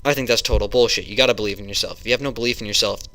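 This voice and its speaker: Rambling early-20s guy, low voice with a sharp bright edge, heated rant with lots of restarts. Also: steady tone, very fast. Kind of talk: webcam rant.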